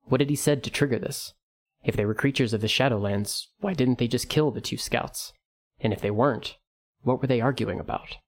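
A man narrating a fantasy novel in a measured, even storytelling manner. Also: mid-range voice. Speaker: audiobook narrator. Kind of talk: scripted narration.

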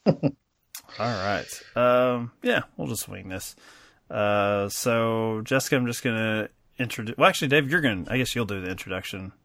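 A man's voice: on the low side, moderate pace, gravelly, fairly bright tone, dry recording. A man co-hosting a podcast, chatting casually in a rambling, self-deprecating way with lots of fillers. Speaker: podcast co-host. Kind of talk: casual chat.

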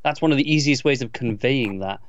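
This co-host of a laid-back TV-episode review podcast presses his grievances forcefully, often stumbling and restarting his sentences. He speaks fairly quickly in a mid-range voice, and the audio has its highs cut off.

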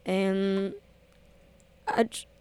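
Young French woman with a mellow voice. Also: medium pitch, very slow, smooth. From France. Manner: relaxed, hesitant, fills with "like". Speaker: guest. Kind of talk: casual interview.

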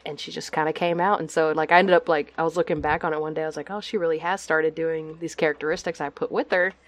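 A woman from Texas talks freely about her hobbies as a podcast guest, with a low voice that is often broken up by fillers and little laughs. The sound is dry and close, with almost no room around her. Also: fairly even intonation, quick pace, no echo. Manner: chatty, lots of fillers and laughs. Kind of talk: casual chat. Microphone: video call.

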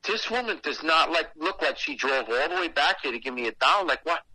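A man with a higher-than-average voice and a very bright, cutting edge tells a story in a loose, animated way, swearing freely as he goes. The sound is close and completely dry, with no room around it. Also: brisk, breathy edge, no room sound, rough recording. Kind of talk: casual storytelling.

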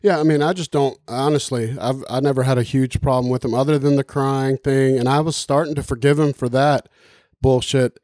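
A man talking on a podcast in loose, profanity-laced rambles, with plenty of emphasis and asides. His voice sits at an ordinary middle pitch. The sound is dry and close, with no room around it. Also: fairly even intonation, brisk, a little mellow, no room sound. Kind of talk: casual podcast chat.

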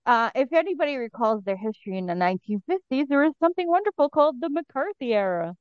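This podcast co-host talks fast in a high voice with big pitch swings, chatting casually and animatedly as she recaps an episode. She drops in playful asides. The recording is dry and dull, from a lo-fi mic with no echo.

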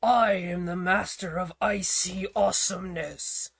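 A woman voicing a boastful young boy bully with a booming, gloating delivery while reading a storybook aloud. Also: fairly even intonation, a little slow, creaky, slightly rough, heavily acted.

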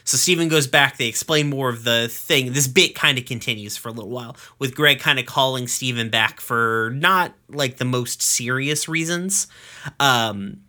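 A man with a very bright, forward voice talks through a cartoon episode on his podcast. He recaps in a loose, joking way, dropping swear words as he goes. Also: mid-range voice. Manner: swearing, jokey recap with quick acted quotes. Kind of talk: casual chat.

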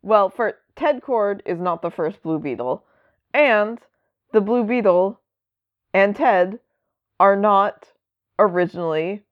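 A woman's voice: mid-range voice, lively intonation, slow, pauses often, no echo. A woman co-hosting a podcast, explaining things in a chatty way with many asides. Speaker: podcast co-host. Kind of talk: casual chat. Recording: dull lo-fi sound.

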